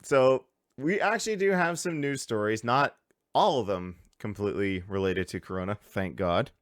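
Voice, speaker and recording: Man, from Canada, podcast host, casual swearing rants, lowish voice, dry recording. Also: normal speed, no echo. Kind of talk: casual chat. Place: home.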